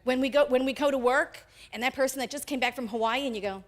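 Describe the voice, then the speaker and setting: A woman pastor delivering a sermon in an animated way, acting out the quoted characters as she goes. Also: high voice, fast.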